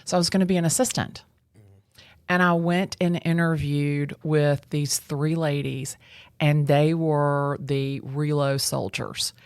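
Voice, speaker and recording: Low-voiced bubbly woman. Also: unhurried, clear, resonant tone, dry recording. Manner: animated, bubbly storyteller acting out quotes. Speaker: real estate agent, guest. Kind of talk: storytelling interview chat. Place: real estate association office.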